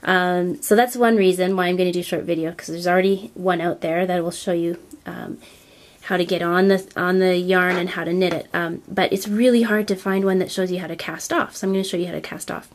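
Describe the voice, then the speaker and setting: A woman with a stuffy, nasal voice who sounds a little under the weather and short of breath. She talks casually and loosely, filling her pauses with ums as she walks through a demonstration. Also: lowish voice, fairly even intonation. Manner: chatty, with many ums and self-corrections. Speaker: crafting video host.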